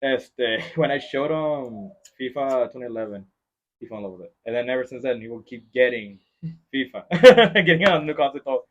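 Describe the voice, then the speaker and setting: A man hosting a podcast in casual chat, mixing English and as he tells animated stories. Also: mid-range voice, moderate pace. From Mexico-Texas border region. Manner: switches between English and Spanish, animated storytelling. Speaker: podcast host. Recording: lo-fi podcast recording.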